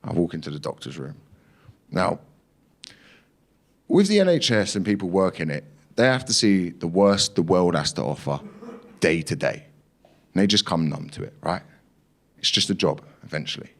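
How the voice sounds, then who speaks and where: Young man doing stand-up, lowish voice. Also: very animated, normal speed, long pauses. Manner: punchy storytelling with acted-out quotes and swearing. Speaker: stand-up comedian. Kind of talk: stand-up comedy set. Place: comedy club stage.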